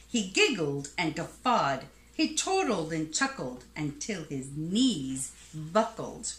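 Lady reading a kids book, slow sing-song, bright voice, echoey room. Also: on the low side. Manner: expressive, sing-song rhyming delivery. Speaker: storybook reader. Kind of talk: children's storybook read-aloud.

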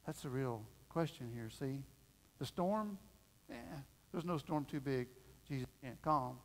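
A middle-aged man preaching a sermon as pastor, telling a family story in a folksy, animated way and acting out the voices. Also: medium pitch, a little slow. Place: church sanctuary. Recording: long reverb of a church hall.

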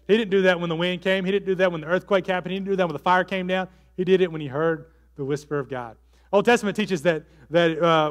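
A male pastor giving a conversational sermon, often tossing rhetorical questions to the congregation. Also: on the high side. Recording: long hall reverb.

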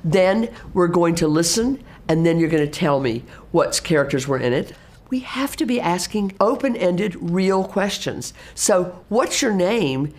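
A middle-aged woman, an assistive technology specialist, explaining teaching practice in a lively way and acting out classroom exchanges. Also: on the low side, unhurried. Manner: animated, acts out classroom exchanges in exaggerated teacher voices.

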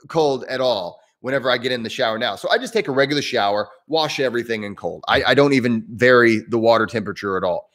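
A man's voice: medium pitch, fast, hardly any pauses, a bit bright. A man hosting a live Q&A, talking casually and rambling with many restarts. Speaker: breathwork teacher hosting a live Q&A. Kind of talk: casual live-stream chat.

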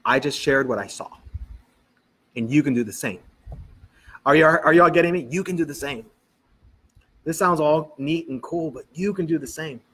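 A man delivers a sermon in a church. He tells lively stories and quotes people in dialogue, with a voice sitting a little higher than most men's. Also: normal speed, pauses often, slightly rough. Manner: animated storytelling, quoting people in dialogue. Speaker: pastor.

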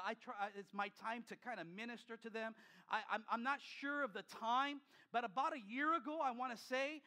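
High, bright-voiced older male pastor preaching. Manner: emphatic, repetitive preaching with many restarts. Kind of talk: sermon.

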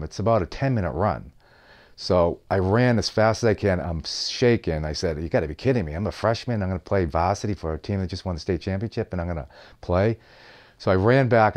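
A man recalling a story from his playing days, acting out the dialogue as he tells it. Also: deep voice. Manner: animated anecdote telling with quoted dialogue. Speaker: former player telling a story. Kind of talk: storytelling interview.

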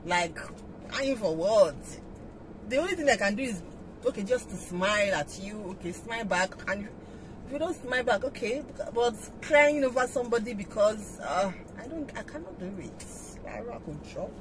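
A woman's voice: medium pitch, animated, moderate pace. A woman hosting an entertainment news vlog, talking casually and musing aloud with rhetorical questions. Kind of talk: casual chatty commentary. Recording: noisy background hiss.

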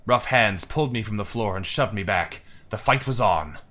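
A man reading a story game aloud with expressive storybook narration and musing asides. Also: lowish voice, normal speed. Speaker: let's play narrator.

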